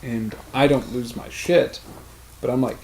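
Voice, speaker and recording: A man's voice: mid-range voice, steady tone, unhurried, a little mellow. A young man hosting a let's play, telling rambling stories in casual chat, swearing freely and laughing often. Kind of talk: casual chat over gameplay.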